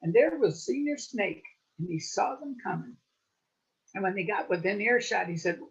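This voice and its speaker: A woman storyteller telling a playful folk tale with lively wordplay at a story swap. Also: mid-range voice, normal speed, highs cut off.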